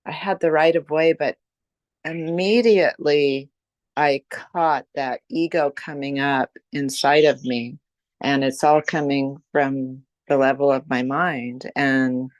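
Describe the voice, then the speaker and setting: A woman's voice: extremely low pitch, dry recording. A woman in an online spiritual study group, candidly sharing a personal moment and laughing at herself. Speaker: group participant.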